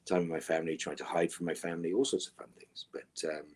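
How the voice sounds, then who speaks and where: A middle-aged man answering fan questions in a virtual Q&A panel over a video call. He is dry and wry, and often trails off into soft, mumbled asides. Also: deep voice, flat delivery, fast talker, husky.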